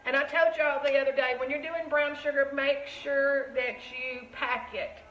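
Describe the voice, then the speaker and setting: A Tennessee shop owner with a Southern American accent hosts a live cooking stream from her kitchen, chatting casually as she bakes and greets viewers. Her voice is high and a bit bright, with fairly even intonation and normal speed. The audio is reverberant and dull, with slight background noise.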